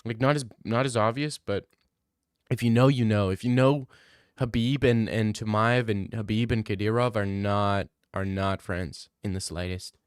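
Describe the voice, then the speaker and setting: A man's voice: on the low side, steady tone, normal speed, clear, resonant tone, dry recording, clean studio sound. A young man streaming, chatting casually and joking about fights while thanking donors. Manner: rambling, joking, many restarts. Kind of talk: casual stream chat reading donations.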